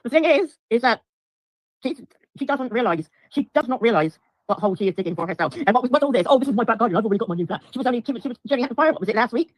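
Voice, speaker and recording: A woman's voice: a little high, animated, racing, no room sound. Middle-aged woman, livestream ranter, foul-mouthed and repetitive, dry close sound. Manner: swears heavily, repeats herself, addresses chat viewers. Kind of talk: angry livestream rant to viewers.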